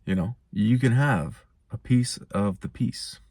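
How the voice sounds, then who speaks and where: A man's voice: on the low side, lively intonation, measured pace, a little mellow, dry recording. A young man hosting his own show, musing in a laid-back, rambling way. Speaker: host. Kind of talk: casual monologue.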